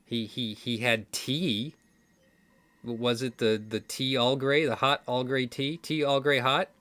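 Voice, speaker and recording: A Midwestern American man hosts a casual trivia video, talking solo to the camera indoors with a card game stack behind him. His medium-pitched voice is steady and a bit bright, and he takes it slowly, rambling and correcting himself with wry asides.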